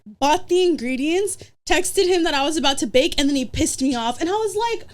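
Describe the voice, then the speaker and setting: A young adult woman, a podcast guest, telling dating stories in casual chat, animated and swearing freely. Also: high-pitched, moderate pace, heavy background noise.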